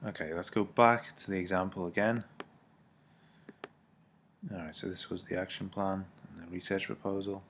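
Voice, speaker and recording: Deep-voiced man talking through a lesson. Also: steady tone, moderate pace, gravelly, long pauses, fairly bright tone, a little hiss or hum. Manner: informal, self-correcting, apologetic asides. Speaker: teacher. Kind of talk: recorded lesson walkthrough.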